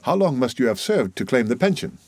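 A man voicing a composed, calculating nobleman who speaks in a measured, probing way, in an audiobook reading. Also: medium pitch, big pitch swings, darkish tone, no echo, pitched above the performer's own voice. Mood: cool.

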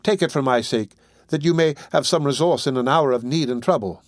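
A man voicing a gentle young lady in an audiobook reading, who speaks in a raised, urgent and tearful way. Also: medium pitch, brisk, no echo, studio quality, lightly acted. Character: young gentle-hearted lady, pleading and tender. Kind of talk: audiobook character voice.

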